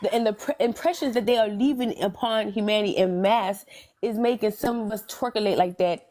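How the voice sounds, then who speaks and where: A woman's voice: medium pitch, a little fast, darkish tone. A woman in casual conversation who thinks aloud, trails off and restarts, and chuckles often. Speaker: panelist in a live discussion. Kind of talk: casual reflective chat.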